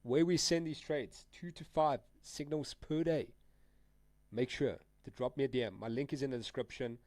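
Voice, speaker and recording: In a dry recording, a man with a medium-pitched, darkish voice and fairly even intonation speaks at a moderate pace. He's live-streaming his trades, answering chat and calling out moves in a casual, slangy way, calling viewers "guys" and "dude."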